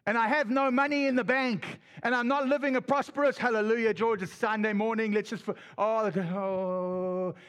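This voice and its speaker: A middle-aged South African pastor preaching a sermon with fast, impassioned delivery and quick asides to the congregation. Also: male voice, very high voice, steady tone, a bit bright, clean tone.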